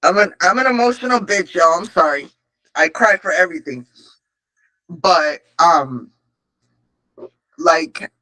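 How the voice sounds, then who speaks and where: A man's voice: fairly high pitch, sharp tone, rough recording. A man telling his recovery story at a support meeting, candid, emotional and full of swearing. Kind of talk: personal recovery testimony.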